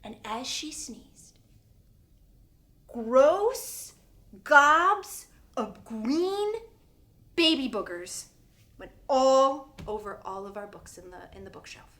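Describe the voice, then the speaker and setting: Animated high-voiced woman teacher telling a story. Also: slow, long pauses. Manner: animated, dramatic, dips into hushed whispers. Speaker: preschool teacher. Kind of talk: storytelling to young children.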